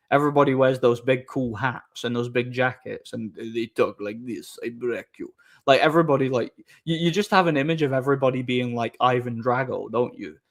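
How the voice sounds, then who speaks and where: A man chatting casually on a live stream, reading viewer messages aloud, rambling with repeated words and frequent laughter. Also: mid-range voice.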